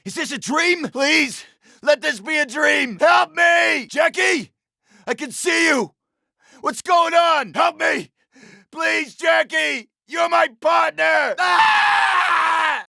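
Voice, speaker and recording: An actor playing panicked men in a video game, screaming and begging for help. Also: male voice, extremely high pitch, sing-song, slow pace, creaky, sharp tone, no echo, shouting, exaggerated voice. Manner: screaming, pleading. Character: terrified men being sacrificed in a game.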